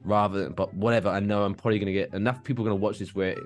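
A man's voice: fairly low pitch, fairly even intonation, racing. A man co-hosting a podcast in casual chat, telling profane rambling stories with a tired, wearing-out voice. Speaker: podcast co-host.

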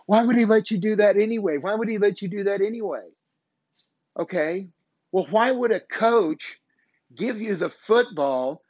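A man's voice: fairly high pitch, no room sound. A man hosting a faith podcast, giving an earnest, preachy motivational talk like a coach, with mild swearing, on a dull, dry, lo-fi recording. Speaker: podcast host.

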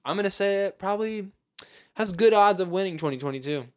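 A man's voice: high voice, animated, fast talker, clear, resonant tone. A young man co-hosting a podcast in casual chat, loose, joking and swearing freely. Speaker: podcast co-host.

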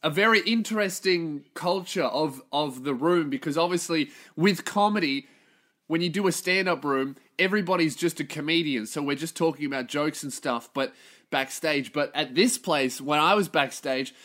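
A brash Australian man with a fairly high, bright, forceful voice, riffing through a casual comedic monologue. He swears freely and rambles from one story to the next. He keeps cracking himself up along the way. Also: normal speed. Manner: profane, rambling, laughs at his own jokes. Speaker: stand-up comedian and podcast host.

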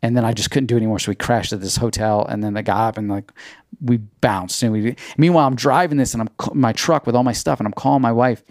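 A man's voice: steady tone, quick pace, no room sound, studio quality. A young man hosting a podcast, telling a long personal story in a rambling, casual way, filled with "like" and "you know.". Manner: acts out quoted dialogue with pitch jumps. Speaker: podcast host.

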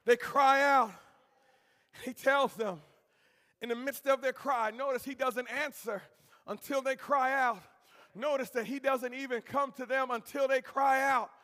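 A man preaching a sermon as pastor, impassioned, swinging from low tones up to shouts and calling out to his congregation. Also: steady tone, unhurried. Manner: call-and-response with congregation. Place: church sanctuary. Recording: long church-hall reverb.

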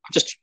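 A man in casual chat, telling animated stories and swearing freely. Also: no echo. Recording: dull lo-fi dry sound.

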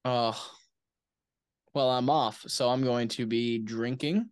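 A man's voice: mid-range voice, steady tone, takes it slowly, clean tone, no room sound. Swearing young guy bantering. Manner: swears a lot, teasing, laughs. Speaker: co-host, son. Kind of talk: casual chat.

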